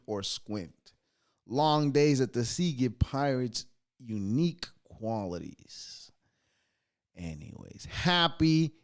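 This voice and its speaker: Slow, lively man reading podcast copy. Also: medium pitch. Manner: stumbles over words, laughs at himself, swears offhand. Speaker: podcast host. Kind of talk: casual solo podcast, reading ad and holiday copy aloud.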